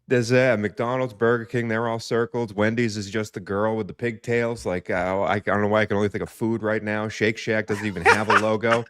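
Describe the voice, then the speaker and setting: A man's voice: on the low side, little pitch movement, brisk, hardly any pauses, fairly bright tone, smooth, no echo, studio quality. A man in his thirties from the US East Coast, a guest in casual podcast banter who rambles and tells stories about himself. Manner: rambling, self-deprecating, storytelling.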